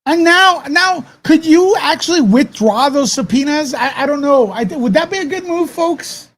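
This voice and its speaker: A man's voice: very high voice, animated, moderate pace, fairly bright tone. A man hosting a live commentary stream, talking heatedly to his chat, swearing often and rambling through restarts.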